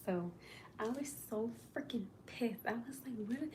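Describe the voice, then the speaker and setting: A woman's voice: a little high, measured pace, noisy background. A woman casually chatting to viewers on a livestream, talking in an exasperated, chatty way to the people watching.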